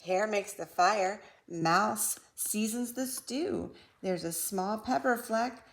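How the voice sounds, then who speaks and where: Lady reading a kids picture book real slow, kinda gravelly voice, playful sing-song. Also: medium pitch, a little hiss or hum. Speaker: storybook reader.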